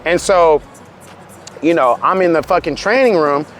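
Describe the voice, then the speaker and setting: A man's voice: on the high side, normal speed, soft background music. A man from California with a Californian accent, telling a story in casual, profane talk and acting out quotes. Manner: animated, profane, acts out quotes. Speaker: streamer guest.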